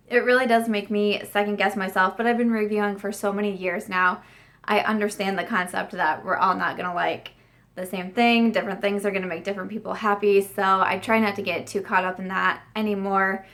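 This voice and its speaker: A woman book vlogger in her thirties, talking casually to her viewers. She rambles in a friendly way, restarting her sentences and filling pauses as she thinks aloud. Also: mid-range voice, a bit bright. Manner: chatty, with frequent restarts and fillers. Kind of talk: casual chat to camera.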